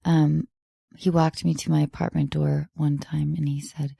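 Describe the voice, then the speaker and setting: A woman's voice: deep voice, little pitch movement, moderate pace, gravelly, mellow, dry recording, clean studio sound. A woman hosting a podcast in a casual chat, rambling with restarts and swearing freely. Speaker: podcast host.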